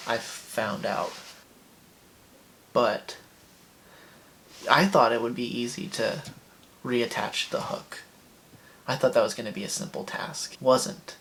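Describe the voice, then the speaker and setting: Young male comic host, dry deadpan storyteller, mid-range voice, light noise floor. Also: medium pitch. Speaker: comedian host. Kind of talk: comedic storytelling monologue.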